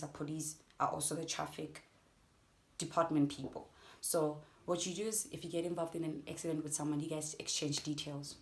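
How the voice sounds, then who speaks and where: Animated young South African woman vlogger. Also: sits low. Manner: animated, addresses viewers as guys. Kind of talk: storytime vlog.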